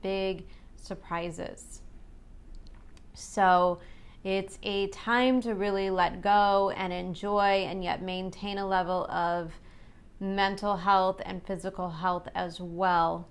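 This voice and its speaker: A woman's voice: medium pitch, steady tone, slow, clear, resonant tone. A woman reading tarot and astrology in a chatty, reassuring way, often checking in with her listeners. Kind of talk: casual astrology forecast.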